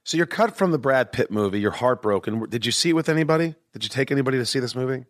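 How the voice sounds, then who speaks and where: A man's voice: medium pitch, expressive, quick pace, dry recording, clean studio sound. A man hosting a podcast, chatting casually, teasing his guest and jumping in to finish his sentences. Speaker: podcast host. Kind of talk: casual interview chat.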